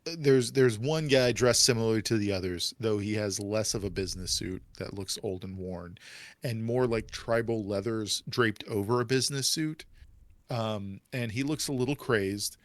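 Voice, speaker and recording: A man's voice: fairly low pitch, moderate pace, no room sound. A man narrating as game master of a tabletop role-playing game, chatty and rambling with fillers.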